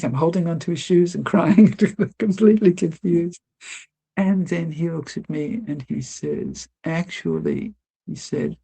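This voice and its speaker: An older woman, a guest telling lively stories in an interview, laughing often and acting out what people said. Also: low-pitched, vocal fry, husky. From Australia. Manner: lively anecdotal storyteller, laughs often, acts out quotes. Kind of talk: storytelling interview.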